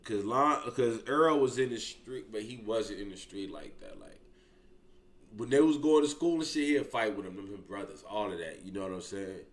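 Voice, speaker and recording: A man's voice: lowish voice, moderate pace. A man hosting a reaction video, telling street stories in a loose, profane, slang-heavy way and ending lines with "boy". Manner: animated, slangy, drawls 'boy' at line ends. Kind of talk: casual profane storytelling.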